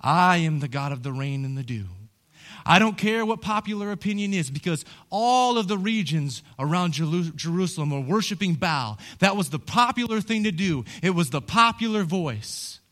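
A man preaching a sermon as pastor, moving from hushed, low storytelling to loud, rising calls. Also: lively intonation, normal speed.

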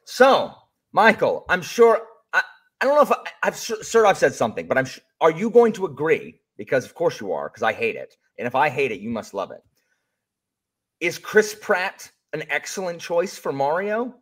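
A man co-hosting a casual chat, teasing and arguing his side, now and then bursting into loud exclamations. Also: fairly high pitch, wildly swooping pitch, normal speed, slightly rough. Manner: argumentative, teasing, bursts into shouting. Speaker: co-host. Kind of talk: casual banter.

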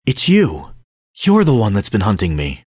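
A man's voice: fairly low pitch, huge pitch swings, normal speed, a little mellow, breathy edge, dry recording, clean studio sound, full character voice. A man reading an audiobook, voicing the narrator's desperate, guilt-ridden male double in a shaken tone.

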